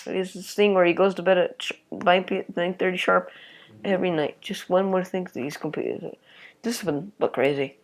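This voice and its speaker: A woman's voice: fairly low pitch, steady tone, brisk, slight background noise. A woman playing a story game, reading its text aloud and adding casual reactions and swearing. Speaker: let's play gamer.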